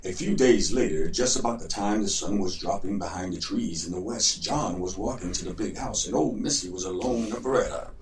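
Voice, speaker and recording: A man hosting a show, reading a folk tale aloud at an unhurried pace and correcting his own slips. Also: deep voice, slight background noise. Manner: unhurried, stumbles and corrects himself. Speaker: host, storyteller. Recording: roomy echo, distant mic.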